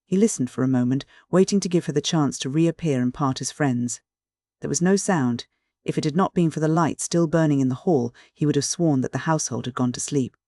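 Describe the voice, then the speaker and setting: A man narrating an old romance novel in an even, steady reading. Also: a little high, brisk, no room sound, clean studio sound. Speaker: audiobook narrator. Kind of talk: scripted literary narration.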